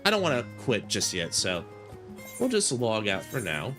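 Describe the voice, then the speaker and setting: A man's voice: fairly low pitch, huge pitch swings, moderate pace, fairly bright tone, soft background music. A man chatting casually to his viewers while streaming a game, rambling and correcting himself as he goes. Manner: rambling, self-correcting, talks to chat. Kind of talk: casual gaming stream chat.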